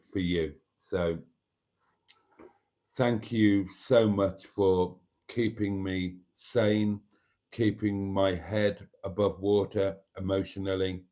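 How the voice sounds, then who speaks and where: A man with a lowish voice chats through his nightly livestream at an unhurried, drawn-out pace. He speaks gently and affectionately, often letting his sentences fade off quietly. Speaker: channel host. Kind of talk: casual nightly livestream chat.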